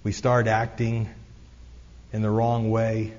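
A man's voice: fairly low pitch, monotone, slow, a little mellow. A man preaching a sermon as pastor, earnest and conversational, with frequent asides to the congregation. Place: church sanctuary. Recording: echoey hall, dull lo-fi sound.

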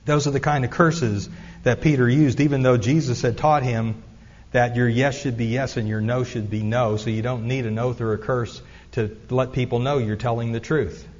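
A man's voice: mid-range voice, steady tone, moderate pace, a little mellow. Man preaching in an echoey church. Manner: earnest, conversational preaching with asides. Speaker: pastor. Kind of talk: sermon. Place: church sanctuary. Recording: echoey hall, dull lo-fi sound.

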